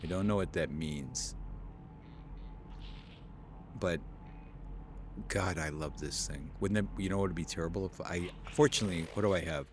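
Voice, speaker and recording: A young man live-streaming a game, chatting with viewers and reading chat aloud, easily excited. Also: deep voice, moderate pace, long pauses, background noise.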